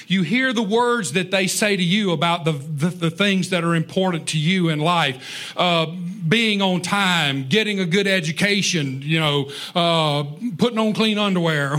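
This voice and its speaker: A man's voice: high-pitched, a bit bright. A man preaching a sermon in a folksy, conversational way, with joking asides to the congregation. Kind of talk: sermon on parenting.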